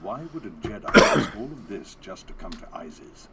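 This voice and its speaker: An actor playing a stern, scheming general in a video game cutscene, speaking in a cold, scornful, measured way. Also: male voice, low-pitched, big pitch swings, creaky, background noise, heavily acted.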